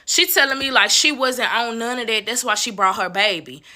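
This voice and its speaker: A woman telling a personal story to viewers in a casual, animated and profane way. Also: a little high, normal speed, no echo, studio quality.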